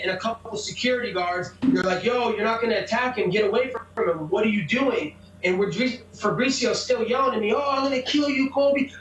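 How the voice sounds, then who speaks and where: A man's voice: high voice, a bit bright, slight background noise. A man, a mixed martial arts fighter, telling his side of a story in a brash, profane, combative way during an interview. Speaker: MMA fighter. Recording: echoey room, mic at a distance.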